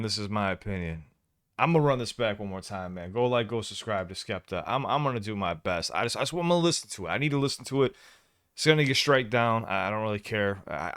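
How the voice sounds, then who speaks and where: Excitable man reacting, smooth dry voice. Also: fairly low pitch, dry recording. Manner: excitable, restarts words, swings from loud outbursts to mutters. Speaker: reaction video host. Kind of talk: casual reaction commentary.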